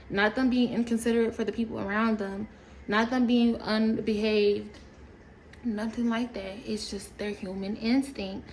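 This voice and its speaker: A woman ranting casually to camera, animated and profane, rambling with laughs along the way. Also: a little high, slight background noise, low-quality recording. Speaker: storytime creator.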